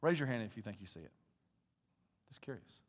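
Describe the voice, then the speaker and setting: A male pastor preaching a sermon to his congregation, dropping to hushed asides and rising to loud, intense appeals while asking the room questions. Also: fairly low pitch, lively intonation, brisk. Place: church sanctuary.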